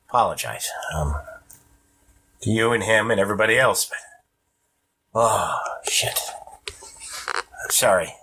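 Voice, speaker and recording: A man's voice: fairly low pitch, fairly bright tone, a little hiss or hum. Breathless, wheezing sick man. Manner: halting, pausing every few sentences to catch his breath. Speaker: podcast host. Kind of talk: casual solo podcast monologue. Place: at home with a cat on him.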